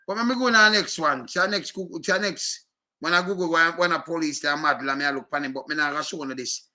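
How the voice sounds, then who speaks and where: Forceful middle-aged Jamaican man ranting. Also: on the high side, fast talker. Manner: rambling, emphatic, repeats himself. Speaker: former police officer. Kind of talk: ranting monologue.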